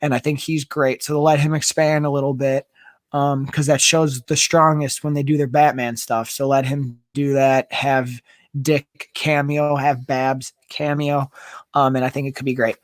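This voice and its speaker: A man's voice: medium pitch, unhurried, dry recording, clean studio sound. A man co-hosting a casual livestream chat about fandoms, talking eagerly with many fillers. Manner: animated, enthusiastic, many fillers. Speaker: co-host.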